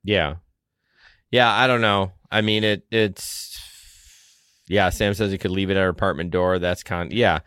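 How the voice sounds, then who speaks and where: Podcast co-host, male, lower register, dry booth sound, easygoing and hesitant. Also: fairly even intonation, unhurried, fairly bright tone, clean tone, no room sound. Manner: hesitant, loose conversational, trails off. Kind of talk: casual chat.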